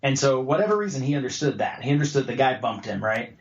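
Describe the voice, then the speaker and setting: This guest on a podcast is a jiu-jitsu black belt from the United States who talks fast and animatedly at a medium pitch. He recounts a story in a relaxed way, switching to a louder voice when quoting others. The recording has a roomy, somewhat dull quality.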